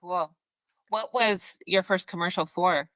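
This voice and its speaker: A woman's voice: fairly low pitch, unhurried, a bit bright, no room sound. A woman hosting a podcast interview over a video call, asking easygoing open questions in casual chat. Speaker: podcast host. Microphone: computer on video call.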